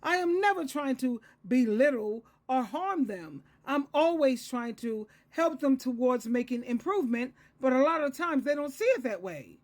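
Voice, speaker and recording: Speaking alone, a woman in her sixties offers advice as a Christian counselor, her high voice animated and somewhat dark in tone. She talks at normal speed with few pauses, lecturing earnestly and repeating important phrases to stress them.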